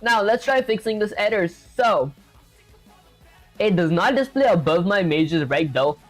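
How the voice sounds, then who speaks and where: A chatty streamer talks through code on a casual livestream. The speech is full of "like" and easy self-mockery, pitched right in the middle of the range. Soft music plays faintly underneath. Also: expressive, a little slow. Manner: chatty, filler-heavy, self-deprecating, addresses chat as "guys". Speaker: live-streaming programmer.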